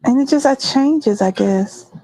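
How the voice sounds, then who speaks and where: A woman's voice: high-pitched, a little slow, mellow, rough recording. A middle-aged woman hosting a livestream, rambling and chatting straight to her viewers in a casual, unscripted way. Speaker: livestream host.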